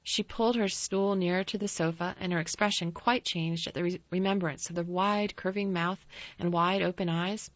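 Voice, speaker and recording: Woman calmly reading a storybook. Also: lowish voice, no room sound. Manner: calm, measured reading with small restarts. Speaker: narrator. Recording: slightly dull, dry recording.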